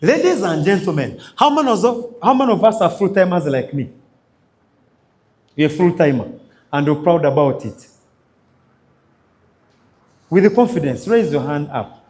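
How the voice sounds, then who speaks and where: High, lively Ugandan male trainer. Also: moderate pace, long pauses. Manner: emphatic, repetitive, calls out questions for the audience to answer. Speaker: business trainer. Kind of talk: motivational training talk. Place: training session before a live audience.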